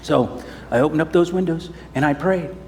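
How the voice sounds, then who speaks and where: A man's voice: a little high, moderate pace, a little mellow, slight background noise. A man preaching as pastor, telling a children's story sermon and acting out the characters. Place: church sanctuary. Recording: long church hall reverb.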